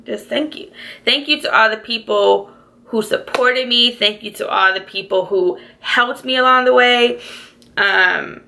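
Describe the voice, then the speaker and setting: A woman's voice: on the high side, measured pace, creaky, pushed and bright. A young woman telling her life story in a casual, chatty vlog, close to tears and full of "like"s and "y'all"s. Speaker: vlogger.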